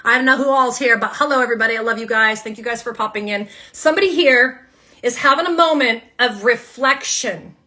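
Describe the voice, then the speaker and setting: A woman's voice: fairly high pitch, fairly quick, bright, forceful tone. A woman giving a live tarot reading to her viewers, emphatic and fired up, repeating her phrases and swearing casually. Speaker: tarot reader.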